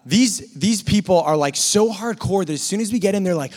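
A man telling a lively personal story in a sermon, sometimes imitating gunfire and shouting. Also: high-pitched, a little fast, few pauses. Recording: long reverb of a hall.

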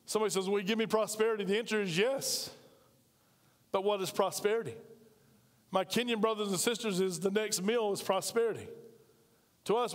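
High-pitched american pastor guy preaching, chatty, lots of echo off a big church hall. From United States. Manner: conversational preaching with congregation call-and-response. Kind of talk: sermon. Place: large church.

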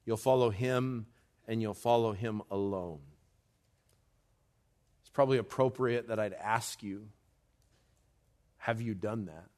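A man preaching a sermon as pastor, slow and deliberate, building to loud urgency in a church. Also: lowish voice.

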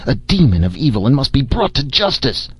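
A man voicing a wrathful, hoarse male preacher who thunders his denunciations, in a storybook reading. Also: medium pitch, sing-song, fairly quick, no room sound, voice pushed up. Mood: thundering outrage. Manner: denouncing, shouting. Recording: dull, dry lo-fi recording.

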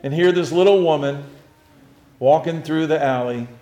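A man preaching a sermon as pastor, earnest and restarting often, swinging between hushed and loud. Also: on the high side, moderate pace, roomy sound, highs cut off, noisy background.

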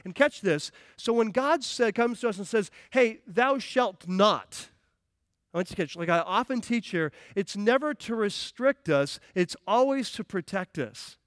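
A man preaching a sermon as pastor, energetic and playful, acting out voices with humor. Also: high-pitched, moderate pace, few pauses, dry recording, studio quality. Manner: energetic, playful, acts out quotes. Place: church.

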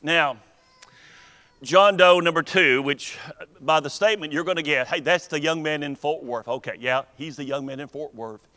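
A man preaching a sermon in a church, earnest and deliberate, with emphatic pauses. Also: on the high side, pushed and bright. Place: church sanctuary. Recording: long hall reverb in a church.

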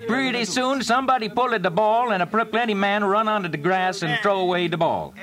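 A man puts on a chatty immigrant character who rambles about a ball game in broken, clumsy English. The voice sits a touch high and is full of eager wonder. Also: fairly quick, a crowd in the background, natural voice. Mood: boastful.

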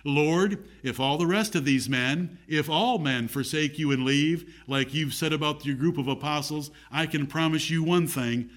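A man's voice: on the high side, normal speed, few pauses, a bit bright. A man preaching a sermon, rising emphatically on key points.

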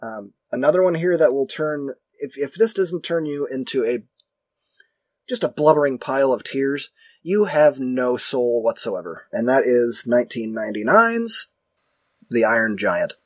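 A husky-voiced man co-hosts a podcast in a blunt, emphatic way, dropping casual swear words as he talks. His voice is dry and close, with no room sound. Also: medium pitch, animated, measured pace, dry recording. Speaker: podcast co-host. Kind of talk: casual chat.

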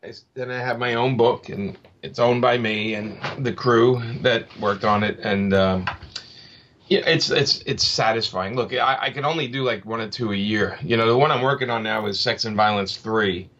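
A man's voice: lowish voice, moderate pace, a bit bright. Chatty guy rambling on about his work, lots of ums, slightly muffled sound. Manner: rambling, full of restarts and fillers. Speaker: comic book creator guest. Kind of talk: casual interview chat. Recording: slightly dull lo-fi audio.

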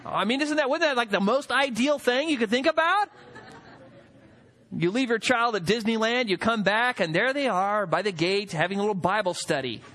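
A man delivers a sermon with a lively, sing-song pitch that climbs high and dips low. He talks through scripture, slipping into quoted characters' voices to bring the passage to life. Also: normal speed. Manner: animated, acts out quoted voices with rising pitch. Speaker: pastor.

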